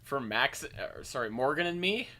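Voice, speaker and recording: Bright-voiced man recapping a movie. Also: medium pitch, animated, normal speed. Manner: rambling, stumbles and repeats words. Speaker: podcast co-host. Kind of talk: casual movie review chat.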